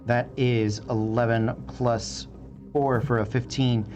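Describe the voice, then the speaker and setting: A man narrating as game master of a tabletop game, relaxed and hesitant, with many fillers. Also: mid-range voice, takes it slowly, soft background music.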